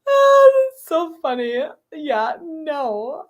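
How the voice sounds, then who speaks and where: A woman's voice: fairly high pitch, slow. A young woman streaming live, chatting casually with her viewers, giggly and full of fillers.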